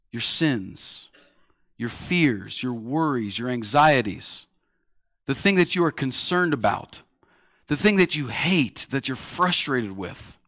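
A man in his thirties preaching a sermon, telling stories and swinging between loud, pressing lines and hushed ones. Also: medium pitch, no echo, clean studio sound. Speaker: pastor.

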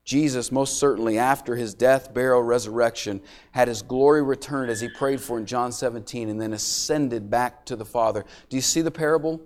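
A man preaching a sermon, swinging between loud, intense passages and quiet, hushed lines. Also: medium pitch, a little fast. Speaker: pastor.

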